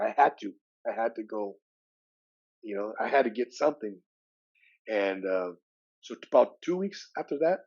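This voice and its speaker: A man's voice: fairly low pitch, lo-fi sound. Older man telling a story. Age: 60s. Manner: lively retelling with acted-out dialogue. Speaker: podcast guest. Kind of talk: personal storytelling.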